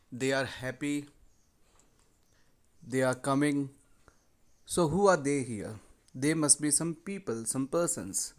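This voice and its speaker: A man with an Indian English accent teaching a grammar lesson, explaining slowly and repeating each point. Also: medium pitch.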